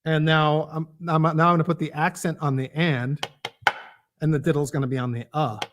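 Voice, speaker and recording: A man teaches a drum lesson in a relaxed, chatty way, explaining rudiments and counting off exercises. His voice sits a little on the high side. Loud drumming and clicking noise runs behind him. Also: brisk. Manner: casual, explains while playing, counts off exercises. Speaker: drum instructor. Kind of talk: live online drum lesson.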